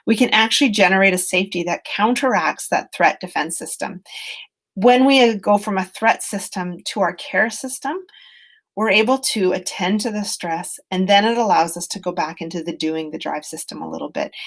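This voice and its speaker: A middle-aged woman educator giving a webinar on self-compassion, speaking gently and earnestly in a conversational way with many fillers, over a computer mic. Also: medium pitch. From British Columbia, Canada.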